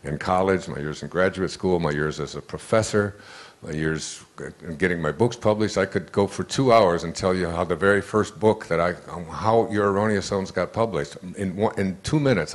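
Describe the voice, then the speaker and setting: A man's voice: low voice, moderate pace. An older man giving an inspirational lecture, telling a rambling story with restarts and asides. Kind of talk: inspirational lecture to a live audience.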